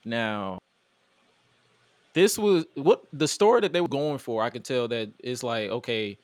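A man hosting a casual wrestling review talk show, animated and often laughing as he acts out quotes. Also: mid-range voice, a little slow, no echo. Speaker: podcast host. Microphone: studio mic at a table.

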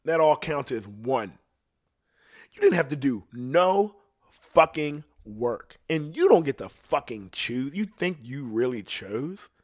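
A man's voice: medium pitch, very animated, slow. A middle-aged man ranting crudely in a casual rambling monologue, telling stories and quoting others in passing voices. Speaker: podcast host. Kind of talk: profane casual rant.

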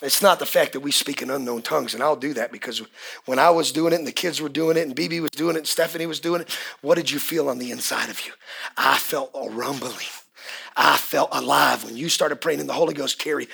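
A man preaching a fiery sermon as pastor at a church service, often shouting and repeating key words. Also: on the high side, fairly even intonation, fairly quick, gravelly, slightly rough.

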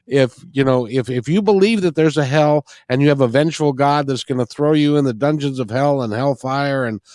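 A man's voice: mid-range voice, fairly quick, darkish tone, no echo, studio quality. A man hosting a casual interview, hesitant with frequent restarts and fillers.

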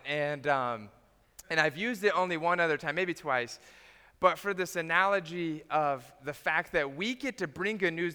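A man in his thirties preaching a storytelling sermon in a chatty, animated way, with frequent ums. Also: on the high side, smooth. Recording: long hall reverb.

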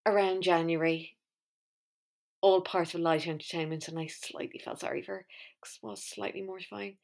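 A woman hosting a podcast in a chatty, wry, self-mocking monologue. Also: fairly low pitch. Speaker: podcast host. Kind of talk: casual monologue.

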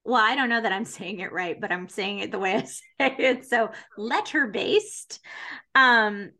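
A woman hosts a casual book podcast in a very bright, clear voice. She is chatty and enthusiastic, and laughs easily as she talks. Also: medium pitch, moderate pace. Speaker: podcast host.

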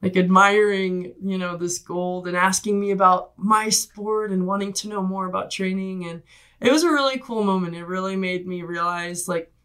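A woman guest in a podcast interview, telling a story in a casual, animated way, acting out quoted voices and laughing often. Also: medium pitch, moderate pace, clean tone. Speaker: guest, Olympic rower.

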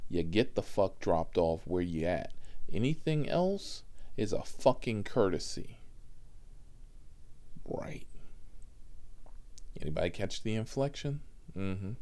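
A driver vents to his viewers about a difficult passenger, in a profane and exasperated rant. He talks slowly and stretches his words out, and his pitch swings widely up and down. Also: lively intonation, dark tone. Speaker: driver telling a story. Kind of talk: storytelling rant.

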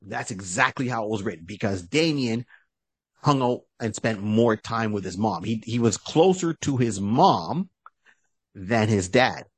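Husky, animated male podcast co-host. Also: mid-range voice, no room sound. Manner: animated storyteller who acts out short character voices. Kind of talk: casual chat, retelling a comic book story.

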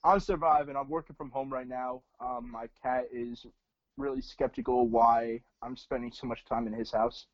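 A man's voice: medium pitch, steady tone, moderate pace, no room sound. A man chatting casually from home in a laid-back, joking way, leaning on filler words. The recording is muffled and very dry, with no room sound. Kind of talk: casual chat. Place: home, working remotely.

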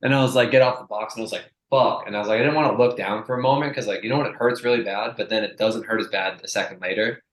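A young man with a lowish voice spins a rambling, profane story, acting out what everyone said. He talks casually as a strength coach would with a friend, and the room gives his voice a noticeable echo. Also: rapid-fire, hardly any pauses. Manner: animated, profane, acts out quotes.

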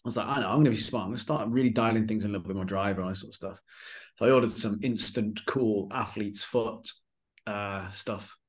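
A man's voice: fairly low pitch, fast talker. A young man co-hosting a podcast, telling stories in a dry, grumbling way. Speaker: podcast co-host. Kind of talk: casual podcast banter.

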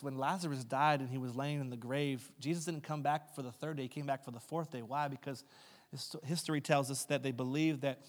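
A man preaching a sermon as a pastor. He retells Bible stories in a conversational way, acting out the characters, then builds to loud, impassioned climaxes. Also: mid-range voice. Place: church sanctuary. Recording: long hall reverb with faint music. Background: faint keys or guitar.

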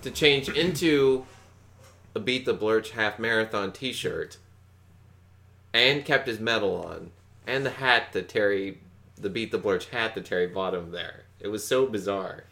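A man chatting casually on a podcast, telling stories in an animated way and mimicking others. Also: on the low side, unhurried. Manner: animated storytelling, mimics voices. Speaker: podcast co-host. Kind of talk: casual chat.

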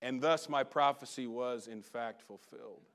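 A middle-aged pastor tells a personal story during a sermon, growing animated before dropping into quiet asides. His voice is mid-range and his pace moderate.

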